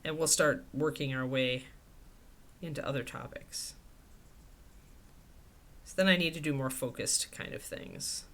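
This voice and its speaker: A woman's voice: extremely low pitch, measured pace, long pauses, a bit bright. A woman teaching miniature painting in a casual live stream, chatting and thinking aloud at her home desk.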